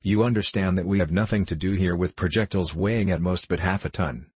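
A man lending a deep, slightly husky voice to a stately president of a gunnery club, composed and methodical, in a dry storybook reading. He lays out each point in calm, ordered sentences. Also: dry recording. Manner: measured, composed oratory.

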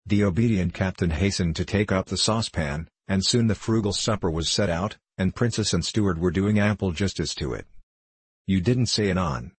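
A man narrating a storybook in a measured, even way. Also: sits low, breathy edge, no room sound. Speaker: audiobook narrator. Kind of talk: scripted narration.

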